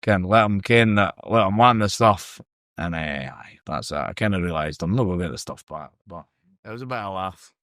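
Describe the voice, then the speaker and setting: A Scottish man telling a story on a podcast, in a casual, animated and sweary way. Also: low voice, fairly quick, no room sound, studio quality. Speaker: podcast guest.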